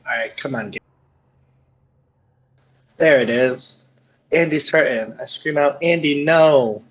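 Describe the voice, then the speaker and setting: A man's voice: mid-range voice, takes it slowly, a bit bright, slightly rough. A man playing a tabletop game over a call, wry and teasing. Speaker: player. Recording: muffled online call audio.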